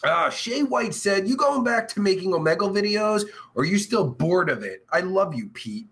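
A man's voice: high-pitched, very animated, a little slow. A man hosting a crude podcast with a stuffy nose, swearing constantly and joking as he reads viewer comments. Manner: profane, loud, jokey, swings between shouting and mumbling. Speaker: podcast host. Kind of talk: crude casual chat reading viewer comments.

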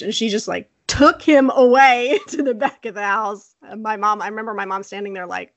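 A woman co-host tells a family story in a casual, animated way and laughs as she talks. She acts out the people in it. Her voice sounds dry and close, with little room sound. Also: mid-range voice, moderate pace, hardly any pauses, no echo. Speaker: podcast co-host.

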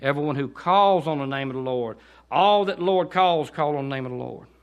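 A man with a Southern accent preaching a guest sermon in a church, dropping to quiet asides and then rising into loud, pleading exhortation. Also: quick pace, clean tone, dull audio. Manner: swings from low conversational asides to high shouted pleading. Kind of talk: Baptist sermon. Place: church sanctuary.

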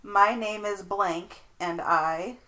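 Bright-voiced giggly young woman. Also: medium pitch, slow, rough recording. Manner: giggly, laughs often between lines. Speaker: podcast co-host. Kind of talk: casual chat.

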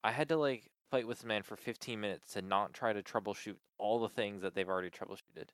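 Exasperated man venting, smooth voice. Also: lowish voice, fast talker, no room sound, clean studio sound. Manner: exasperated venting with frequent swearing and many "like"s. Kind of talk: casual chat.

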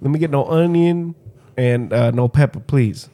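A man's voice: medium pitch, steady tone, a little slow, warm tone, lightly acted. A man voicing a brash young Brooklyn kid with exaggerated tough street talk.

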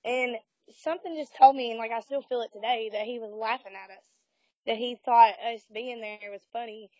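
A woman with a drawl recounts a spooky night at a cemetery in a casual, animated way, laughing and putting on voices for what others said. Her voice sits a touch high, recorded dry and close, with a dull, muffled sound. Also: brisk, no room sound. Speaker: guest telling a ghost story. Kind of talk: casual storytelling.

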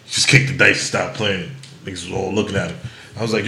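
Loud laughing man telling stories. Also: low-pitched, quick pace, gravelly, roomy sound. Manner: loud animated storytelling, acts out quotes, laughs often. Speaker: podcast host. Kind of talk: casual chat.

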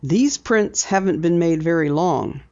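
Woman reading as a gruff newspaper editor. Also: lowish voice, animated, a little mellow, highs cut off. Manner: brisk, questioning, gruff. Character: gruff middle-aged male newspaper editor.

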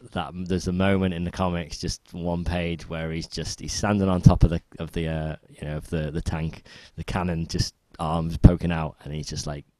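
Deep-voiced rambling man. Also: little pitch movement, moderate pace, hardly any pauses, darkish tone, dry recording. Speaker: podcast co-host. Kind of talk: casual chat.

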